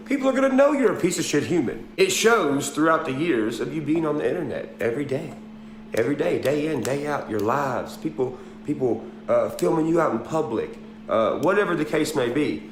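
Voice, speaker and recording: A man's voice: a little high, a little hiss or hum. A man, speaking in a blunt, defiant, preachy monologue to camera. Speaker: country musician in a clip. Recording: roomy clip with faint ambience.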